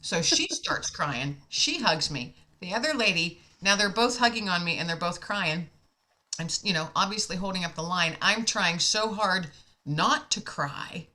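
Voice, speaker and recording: A woman's voice: on the low side, expressive, a little slow, bright, forceful tone. An American woman telling a heartfelt personal story in casual conversation, emotional and laughing often.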